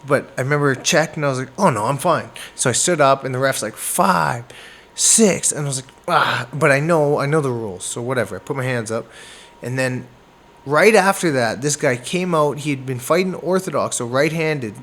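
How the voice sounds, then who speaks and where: A man from Canada, a boxer, telling a fight story in a casual interview, animated and acting out moments with sound words. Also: mid-range voice, a little fast. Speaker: boxer guest.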